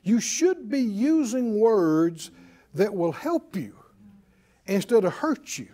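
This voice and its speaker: A man's voice: high voice, slow pace. A man preaching a sermon, asking the congregation questions and acting out everyday complaints. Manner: animated, rhetorical questions and acted-out complaining.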